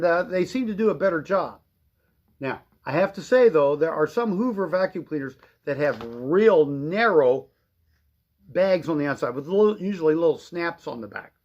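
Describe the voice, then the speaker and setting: Middle-aged shop guy rambling folksy on a livestream, kinda high voice, dull lo-fi sound. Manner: folksy, rambling explanations with fillers. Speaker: vacuum shop owner. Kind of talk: live-stream product demonstration.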